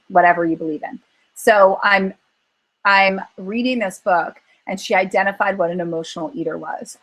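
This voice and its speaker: A woman speaks to a group on a call as a coach, earnest and animated, slipping into quoted inner thoughts to make her points. Her voice sits at an ordinary middle pitch for a woman. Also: poor audio. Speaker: weight-loss coach.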